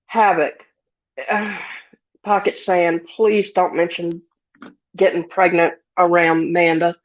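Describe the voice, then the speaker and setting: On a casual livestream, a woman with a mid-range voice reads chat comments and greets viewers in a folksy, giggly drawl. She sounds a little sniffly, and the audio is dull.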